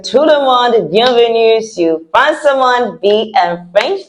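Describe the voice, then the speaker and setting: A woman's voice: fairly high pitch, lively intonation, slow. A woman teaching French words to children in a playful, coaxing, repeat-after-me style. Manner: playful, sing-song, coaxing. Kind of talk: kids' repeat-after-me lesson.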